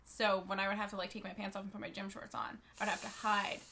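A woman talking candidly on a podcast, her speech quick and packed with fillers. Her voice is bright and forward, rushing from one thought to the next. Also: mid-range voice, flat delivery, creaky, slight background noise. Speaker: podcast co-host. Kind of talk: casual chat.

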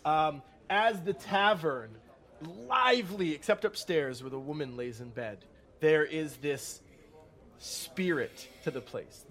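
A man running a tabletop game, his voice sitting somewhat high. He paints the scene in long descriptive runs. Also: expressive, a little slow, fairly bright tone. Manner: descriptive, with fillers and restarts. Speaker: game master.

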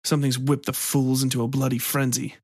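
A sly village priest with a taunting, hissing manner, voiced by a man reading a story aloud. His speech is insinuating and provocative, heard in a dry, close recording at a middling male pitch. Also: flat delivery, fairly quick, darkish tone, no room sound, close to an everyday voice. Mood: desperate.

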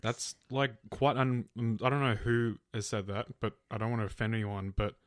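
A young woman co-hosting a podcast, blunt, teasing and quick to swear. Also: very deep voice, fairly even intonation, no echo, clean studio sound. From Australia. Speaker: podcast co-host. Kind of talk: casual chat.

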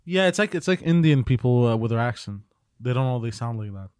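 Man, casual podcast chat, laid-back, medium pitch, dry sound. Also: lively intonation, fast talker, darkish tone, smooth, dry recording. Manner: laid-back, short interjections, brief asides.

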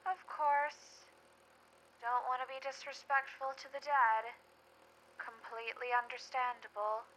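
An actress playing a young female housemate, speaking in a soft, sugary and faintly unsettling way. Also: sits high, level tone, measured pace, a little hiss or hum, rough recording. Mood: sweet. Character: sweet, oddly cheerful young female housemate.

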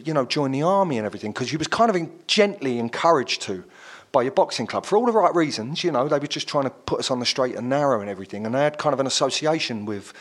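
Man, middle-aged, rapid rambling chat, lots of fillers. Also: mid-range voice, animated. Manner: rambling storyteller with many fillers. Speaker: actor guest. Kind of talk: casual chat.

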